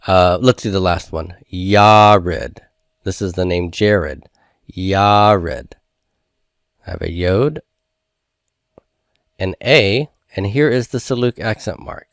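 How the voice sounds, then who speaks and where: Deep-voiced man teaching step by step. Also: measured pace, no echo, clean studio sound. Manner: methodical, explains step by step. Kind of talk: homework review lesson.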